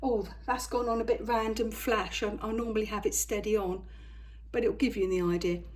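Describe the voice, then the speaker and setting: Chatty older woman, husky voice. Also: medium pitch, steady tone, moderate pace, darkish tone. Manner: chatty, rambling, talks to her cat and viewers. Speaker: craft vlogger. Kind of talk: casual chat to camera. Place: home kitchen, indoors.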